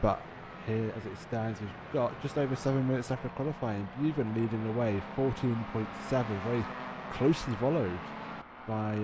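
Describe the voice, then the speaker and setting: A man commentating a sim race, chatty and measured, with frequent fillers. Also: medium pitch. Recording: loud background noise.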